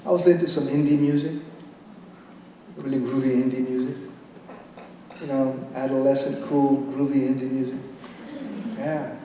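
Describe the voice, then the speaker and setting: A man's voice: mid-range voice, little pitch movement, moderate pace, long pauses, warm tone, a little hiss or hum. A man poet giving a playful live reading that switches between English and Spanish. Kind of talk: live poetry reading with banter. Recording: echoey hall from far off.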